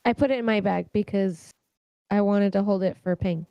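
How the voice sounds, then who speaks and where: A woman's voice: mid-range voice, moderate pace, gravelly, smooth, no echo, lo-fi sound. A woman playing a tabletop game, talking in a bubbly, in-character way. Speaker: player. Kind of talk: casual tabletop play.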